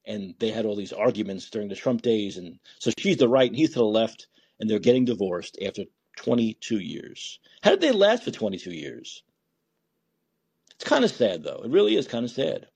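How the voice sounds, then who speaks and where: A man hosting a podcast, talking alone in sarcastic, animated political commentary, swearing and thinking out loud. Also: on the low side, moderate pace, vocal fry, husky. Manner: animated and sarcastic, mocking voices of opponents. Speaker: podcast host.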